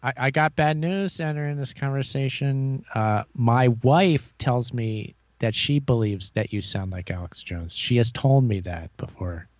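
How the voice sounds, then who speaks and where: A man of ordinary pitch hosts a casual podcast chat, easygoing and quick to chuckle. His voice comes through a dull, lo-fi mic with a dry, close sound. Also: no echo.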